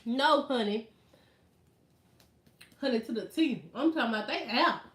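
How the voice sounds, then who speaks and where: A woman vlogger in casual chat, telling stories in an animated, slangy way. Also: on the high side, a little slow, slight background noise. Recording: roomy echo.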